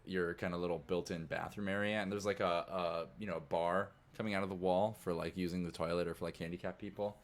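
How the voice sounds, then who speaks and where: A man narrating as game master in a tabletop game, loose and casual. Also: low voice.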